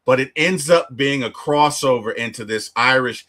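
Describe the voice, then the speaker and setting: A man in a casual film discussion, retelling scenes with lively storytelling and acting out the characters' lines. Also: medium pitch, normal speed. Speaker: movie reviewer.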